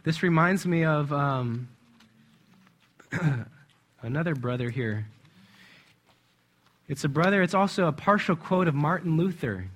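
Guy preaching casual-like, leans hard on words, laughs a lot, voice a bit on the high side. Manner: warm, emphatic, chuckles often. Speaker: church speaker. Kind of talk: conversational sermon.

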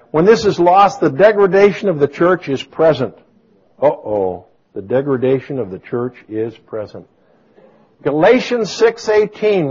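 A man preaching a sermon, swinging from booming exclamations to soft storytelling. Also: husky. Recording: dull lo-fi sound.

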